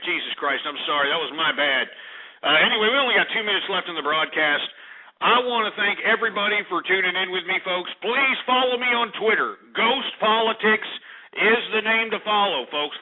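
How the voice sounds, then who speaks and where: A man from Texas hosting a call-in radio show, abrasive and insulting toward callers. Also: sits high. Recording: tinny phone-quality radio recording.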